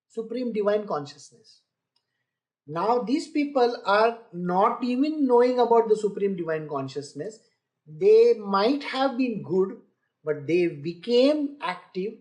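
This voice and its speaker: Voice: medium pitch, a little mellow. Spiritual teacher lecturing with pointed rhetorical questions. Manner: mocks boastful people by quoting them. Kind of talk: scripture exposition lecture.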